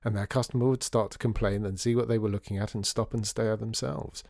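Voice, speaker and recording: A man narrating a storybook in a measured, gently wry way. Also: lowish voice, fairly even intonation, creaky, dry recording, studio quality. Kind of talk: storybook reading.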